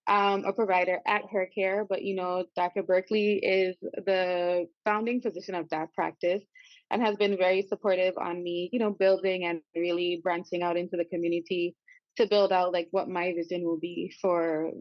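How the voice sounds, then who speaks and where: A bubbly, excitable woman, talking as a guest on a casual podcast. Her voice comes through slightly dull and lo-fi, with a dry, close sound and no room around it. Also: lowish voice, moderate pace, no echo. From U.S. Virgin Islands. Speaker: guest midwife.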